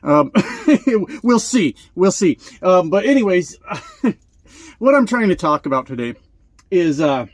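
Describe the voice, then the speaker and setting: A man's voice: sits high, sing-song, takes it slowly, no room sound. A man and truck driver vlogging, ranting in a profane, sarcastic, rambling comedic way, a little short of breath. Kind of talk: comedic rant to camera.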